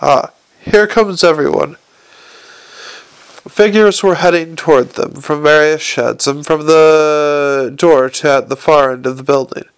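A man's voice: on the high side, a little slow, hardly any pauses, clean tone, dry recording, rough recording. A man narrating an audiobook in a dry, wry storytelling manner.

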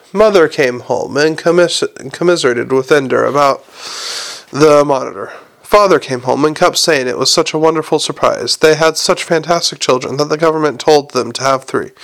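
Gravelly man reading a novel aloud. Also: on the high side. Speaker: audiobook reader.

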